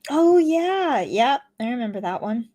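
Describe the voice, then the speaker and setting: A woman co-hosting a horror movie chat show, easygoing and quick to agree in casual talk. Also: fairly high pitch, big pitch swings, mellow.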